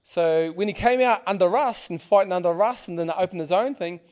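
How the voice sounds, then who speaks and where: A middle-aged man, a podcast guest, telling stories in a casual, animated way and swearing freely. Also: high-pitched, fairly quick, clear, resonant tone. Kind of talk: casual storytelling.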